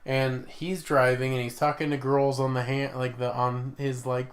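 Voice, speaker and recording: A man co-hosting a casual podcast, talking through a movie's plot in a loose, halting way with lots of fillers. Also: medium pitch, level tone. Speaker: podcast co-host. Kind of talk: casual movie recap chat.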